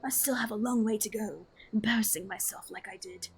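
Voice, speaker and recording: A woman voicing an earnest, self-doubting young male adventurer in a game, speaking softly and lower than her own voice. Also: a little fast, slight background noise, close to an everyday voice.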